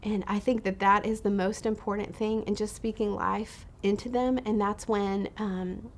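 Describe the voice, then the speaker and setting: A woman's voice: medium pitch, fairly even intonation, moderate pace, darkish tone, a little hiss or hum. A woman leading a pregnancy support ministry, telling heartfelt stories in an earnest, personal way. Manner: earnest, heartfelt retelling with quoted voices. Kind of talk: personal storytelling talk.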